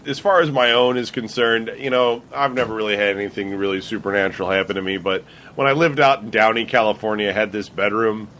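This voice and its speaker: A man hosting a casual chat, telling an animated spooky story from his childhood. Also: lowish voice, fast talker, slight background noise. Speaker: podcast host.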